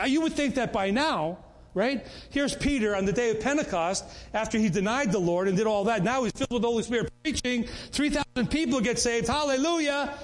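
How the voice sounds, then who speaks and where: A man leading a Bible study in an earnest, conversational way, often repeating words and restarting. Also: high voice.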